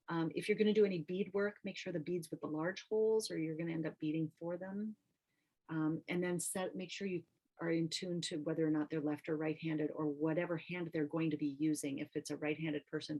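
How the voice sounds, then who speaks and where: A middle-aged woman who is an artist and nurse, teaching an online training workshop in a relaxed, conversational way with frequent ums and restarts. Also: deep voice, creaky, low-quality recording. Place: home or studio, video call. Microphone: computer mic on video call.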